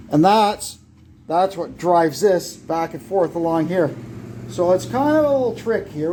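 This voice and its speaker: This man's voice sits high and sounds mellow as he casually talks through fixing a brake lathe in his garage. He thinks out loud, halting with fillers, while a phone camera propped nearby records with slight background noise.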